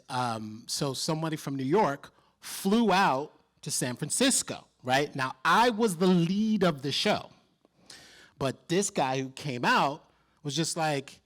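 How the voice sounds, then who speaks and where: A man telling a story as a guest on a convention panel, lively and acting out other people's voices as he goes. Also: mid-range voice. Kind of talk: animated storytelling.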